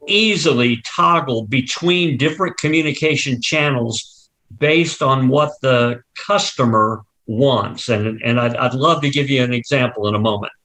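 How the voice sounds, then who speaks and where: A man's voice: medium pitch, measured pace, fairly bright tone. A man being interviewed as a company marketing executive, explaining his business through long walk-through examples and often restarting his sentences.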